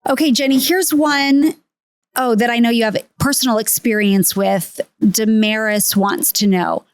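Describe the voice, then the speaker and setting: A woman's voice: fairly high pitch, fairly even intonation, a little slow, smooth, dry recording, clean studio sound. A woman hosting a podcast, talking reflectively about faith and reading out listener questions. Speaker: podcast host. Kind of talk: casual faith conversation.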